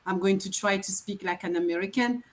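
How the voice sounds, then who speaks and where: A woman with a mid-range voice speaks briskly in a casual online panel chat, taking part in a summit as a parent. English isn't her first language, and she shares her thoughts earnestly over video, often repeating words.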